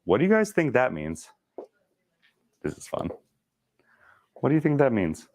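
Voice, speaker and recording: A man running a casual real estate sales training, talking fast and joking with the group. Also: mid-range voice, huge pitch swings, a little mellow, no echo, studio quality. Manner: talks fast, chatty and joking.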